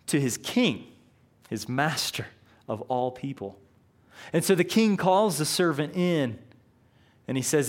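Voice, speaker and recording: A man preaching a sermon, telling a parable in an earnest, storytelling way with frequent restarts. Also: fairly high pitch. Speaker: pastor.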